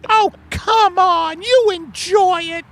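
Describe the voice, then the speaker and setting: A man voicing a pushy middle-aged wife in a high squealing falsetto. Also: slow pace, fairly bright tone, full character voice. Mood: shrill nagging. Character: shrill nagging middle-aged wife Margaret.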